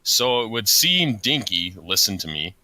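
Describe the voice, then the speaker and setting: A man's voice: fairly low pitch, big pitch swings, a little slow, pushed and bright, no room sound, heavily acted, poor audio. A man voicing a stern, pompous male head of state with a mock-serious, lecturing delivery.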